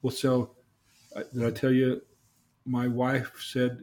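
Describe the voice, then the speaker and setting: A man telling his own stories in an earnest, casual way, at an average pitch. He stumbles and repeats words, and often checks in with a leading question. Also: monotone, takes it slowly, darkish tone. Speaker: guest telling life stories. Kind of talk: casual personal storytelling.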